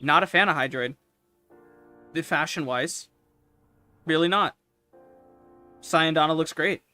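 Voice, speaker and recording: A man streaming casual commentary, excitable and swearing freely, with loud sudden outbursts. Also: a little high, measured pace, faint music behind.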